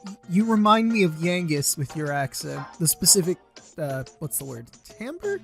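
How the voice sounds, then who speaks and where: A woman's voice: fairly low pitch, sing-song, moderate pace, gravelly, soft background music. Wry, chatty woman playing a game. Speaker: let's play host. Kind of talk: casual commentary with character voicing.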